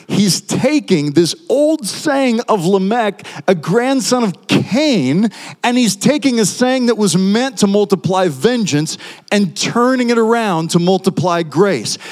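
An impassioned man delivers a sermon, his voice sitting a little high and swinging up and down as he drives home each point. A long reverb trails behind every phrase, the sound of a big hall. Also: darkish tone. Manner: impassioned, with sweeping pitch swings. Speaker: guest preacher.

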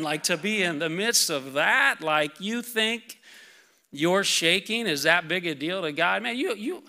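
A man preaching a sermon to his church, reading scripture and speaking casually with lots of fillers, getting excited and then calming down. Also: unhurried. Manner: excitable, casual fillers, builds to shouts then drops low. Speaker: pastor.

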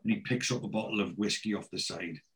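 A man's voice: on the low side, quick pace, fairly bright tone. A man in casual chat, rambling through a TV episode and quoting the characters in his own voice.

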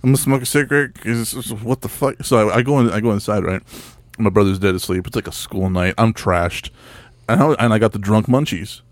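A man's voice: fairly low pitch, fairly quick, dry recording. A man casually telling a profane story on a podcast, repeating himself and acting out quotes. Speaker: podcast co-host.

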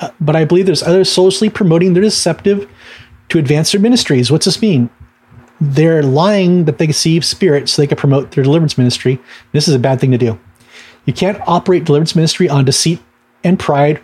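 A middle-aged man speaks as a minister in a relaxed, rambling teaching talk, full of ums and small laughs. His voice sits a touch high for a man, with a husky, slightly rough edge. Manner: conversational storytelling with laughs and fillers.

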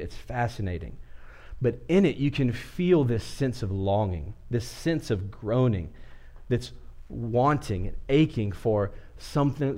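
A man preaching a sermon, opening with a casual, joking story before turning serious. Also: fairly low pitch. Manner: casual, joking storyteller with lively swings in energy. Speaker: pastor.

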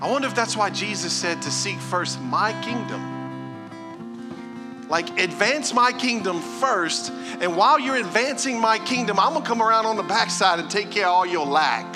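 A man preaching a sermon as pastor, piling up rhetorical questions and moving between loud exhortation and hushed talk. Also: high voice, expressive, normal speed, over music. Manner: rhetorical, building "what if" questions.

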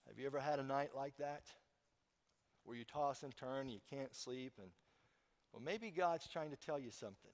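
A man's voice: very high voice, long reverb tail. A man preaching a sermon as pastor in a church, talking conversationally with emphatic bursts and questions to the congregation.

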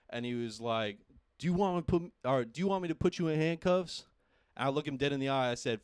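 A young man casually telling a profane, animated story among friends, laughing often. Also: medium pitch, a little fast, clean tone, no room sound. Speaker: podcast host.

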